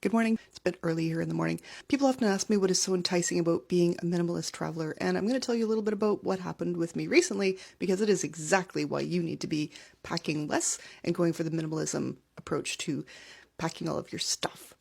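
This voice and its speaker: A Canadian woman talks straight to camera, telling a casual storytime. Her voice sits a little low for a woman. She is chatty and wry and pokes fun at herself. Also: fairly even intonation, quick pace, creaky, darkish tone, breathy edge. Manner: chatty, wry, self-deprecating. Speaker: travel vlogger. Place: home, early morning.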